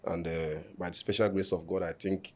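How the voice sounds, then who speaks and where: Deep-voiced man, measured and formal. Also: flat delivery. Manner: measured, formal, with frequent fillers. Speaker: election candidate. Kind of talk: interview answers. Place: podcast studio.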